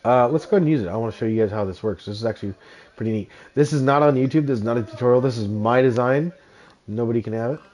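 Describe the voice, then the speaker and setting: A man's voice: mid-range voice, racing, darkish tone. Guy streaming a game, chatty, laughs a lot, normal mid voice. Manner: laughs often, chatty and joking. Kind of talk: casual livestream chat and gameplay commentary.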